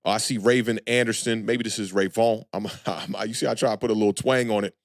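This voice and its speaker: A man hosting a live sports talk stream, talking loosely and frankly to chat viewers and shouting them out. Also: fairly low pitch, fairly even intonation, fast talker, dry recording, studio quality. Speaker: sports channel host.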